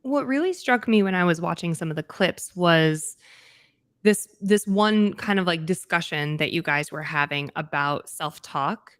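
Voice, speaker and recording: A woman's voice: on the low side, unhurried, a bit bright, no room sound. A woman hosting a casual podcast interview, frank and emphatic, swearing freely. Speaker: podcast host.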